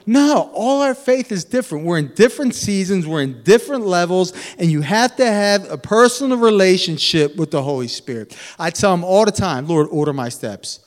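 A man preaching a sermon in a lively, animated way, swinging between loud emphatic bursts and quiet asides. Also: high voice, normal speed. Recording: long hall reverb.

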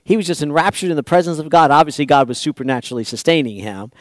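A male pastor races through a sermon in a fairly high voice, recorded with no room sound. He poses rhetorical questions to the congregation and swings from quiet asides to loud, emphatic passages.

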